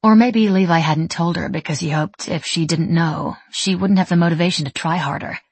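A woman narrating an audiobook in a measured, wry storytelling manner. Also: fairly low pitch, creaky, breathy edge, no echo. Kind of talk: scripted narration.

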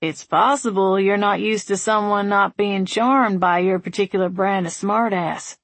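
A woman voicing a wry, patient man with a dry, steady, gently teasing manner. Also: mid-range voice, normal speed, no room sound, natural voice.

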